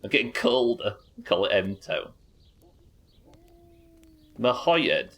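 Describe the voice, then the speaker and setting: A man's voice: sits low, animated, moderate pace, bright, forceful tone, slightly rough. A man streaming a game live, chatting casually with his viewers and swearing freely as he goes. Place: home streaming setup.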